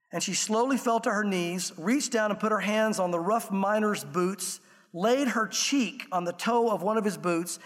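A man preaching a sermon, telling an illustration story earnestly and slowing down for the emotional parts. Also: high voice. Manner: earnest storytelling, slows and softens for emotional quotes. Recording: long reverb of a large room.

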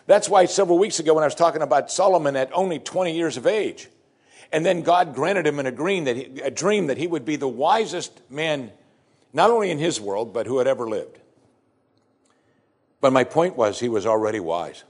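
Speaking as his congregation's pastor, a man with a husky, mid-pitched, darkish voice delivers a sermon. He repeats key phrases, stressing them harder each time.

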